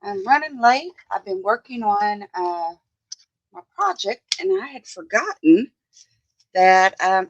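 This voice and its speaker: A woman's voice: medium pitch, sing-song, slow pace, no echo, muffled recording. A woman hosting a casual crafting live stream from her home desk, chatting as she works, greeting viewers by name and thinking aloud. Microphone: phone.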